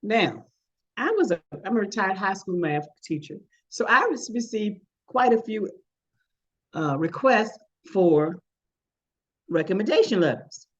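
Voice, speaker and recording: An older woman leads an online workshop, moving from advice to anecdotes and putting on voices for the people in her stories. Her pitch sits in the middle range. The video-call audio sounds a little dull. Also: big pitch swings, unhurried, husky. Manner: storytelling, acts out quoted voices. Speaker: workshop presenter, retired math teacher.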